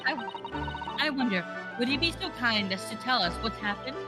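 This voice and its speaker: A woman voicing a polite, gentle young female legal assistant, speaking formally with very loud game music behind. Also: a little high, animated, normal speed, lightly acted.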